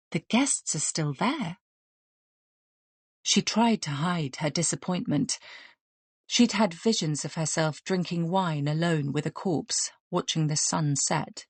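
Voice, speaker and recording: A woman narrating an audiobook in a steady, even reading voice. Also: deep voice, slow, slightly rough, no room sound.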